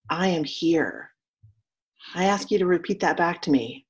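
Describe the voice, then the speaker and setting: A lower-pitched woman delivers a sermon as a story, speaking softly and slowly. Her tone is solemn, and she invites the listeners to repeat phrases back to her. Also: expressive, husky. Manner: soft, slow, solemn delivery. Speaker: minister.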